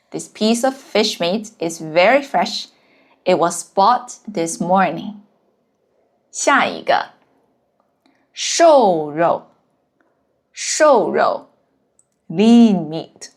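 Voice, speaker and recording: A Chinese language teacher, a woman speaking her native tongue, narrates her lesson very slowly and step by step, counting out each character's strokes. Her lowish voice is very animated.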